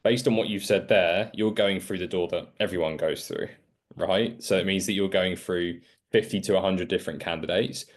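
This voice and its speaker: A man with a very low voice coaching a student on a call. He is frank and direct, and he chains his advice into long run-on explanations. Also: moderate pace. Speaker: sales coach.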